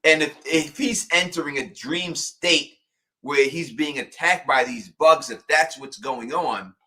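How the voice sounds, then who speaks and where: A man co-hosting a casual TV recap podcast, acting out characters in loud, animated bursts. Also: a little high, a little slow. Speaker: podcast co-host.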